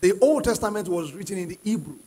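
Speaking fast and expressively, this pastor has a high-pitched voice that is dark in tone with a breathy edge. Before a live congregation in a church hall, he hammers key phrases emphatically and keeps pressing the people to answer his questions, amid long, large-hall reverb.

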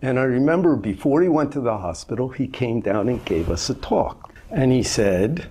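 Older man in his 70s, Zen teacher; husky, animated delivery, conversational and lightly humorous. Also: mid-range voice, moderate pace, few pauses. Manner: conversational, gently humorous storytelling. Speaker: Zen master. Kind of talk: informal dharma talk answering a question.

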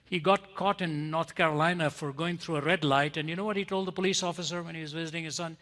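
A man preaching a storytelling sermon in a large hall, his slightly high, bright voice carried by a long reverb tail. He swings between near-whispered intimacy and loud, emphatic drive. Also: fairly even intonation, fast. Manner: dramatic swings from hushed to loud.

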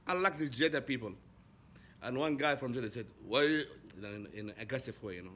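A man from Saudi Arabia, a native Arabic speaker, telling a casual story in English; his voice jumps high when he gets excited. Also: a little fast, a little hiss or hum. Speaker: vlogger.

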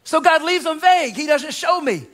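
Impassioned, bright-voiced preacher man. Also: very high voice, lively intonation, normal speed. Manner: impassioned preaching with sudden soft drops and rhetorical questions. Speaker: guest pastor. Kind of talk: sermon. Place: church sanctuary.

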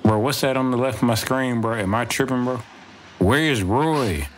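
A man's voice: medium pitch, flat delivery, quick pace, noisy background. A man casually commenting on his own gameplay, rambling and joking and saying bro constantly. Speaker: gaming streamer. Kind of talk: let's play commentary. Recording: game audio playing under voice.

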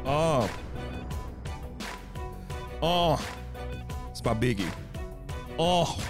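A man hosting a casual podcast, animated and rambling, laughing as he talks. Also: fairly high pitch, very slow, music in the background. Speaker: podcast host.

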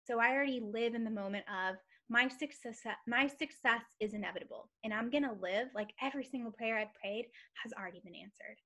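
A woman in her thirties giving an energetic, emphatic motivational talk to her team on a training call, telling a personal story. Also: a little high, a little fast, few pauses. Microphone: call or webinar mic.

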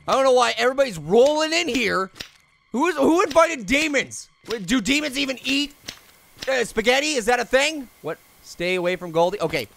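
A hyper cartoon fruit voiced by a man chatters through a video game, his very high voice bright and cutting. He swoops up and down in pitch, repeating himself and shrieking whenever something jumps out. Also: a little hiss or hum, exaggerated voice. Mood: indignant. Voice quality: high, gravelly voice. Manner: excitable, yelps and shrieks at scares, repeats himself. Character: hyper, wisecracking cartoon fruit gamer, male. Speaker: let's play commentator. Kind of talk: let's play commentary.

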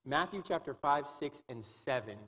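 A man's voice: fairly high pitch, lively intonation, moderate pace, sharp tone. A man preaching a sermon in church, earnest and repetitive, leaning on "you know" between phrases. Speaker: pastor. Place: large church hall. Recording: long hall reverb.

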